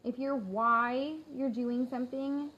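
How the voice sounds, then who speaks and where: A woman's voice: high-pitched, steady tone, slow pace. A woman in her thirties, a work-from-home mom, chatting candidly to viewers in a casual live stream, with lots of fillers and easy laughter. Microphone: phone. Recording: slightly dull phone audio with faint hum.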